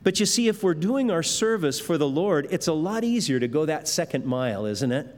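A man's voice: on the high side, big pitch swings, fairly quick. Man preaching a sermon in a reverberant hall. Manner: conversational, emphatic, acts out quoted voices. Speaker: pastor. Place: church.

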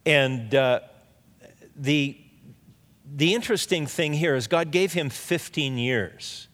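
A man's voice: on the high side, takes it slowly, fairly bright tone. Man preaching in an echoing hall. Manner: conversational Bible teaching with frequent restarts. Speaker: pastor. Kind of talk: sermon. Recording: long hall reverb.

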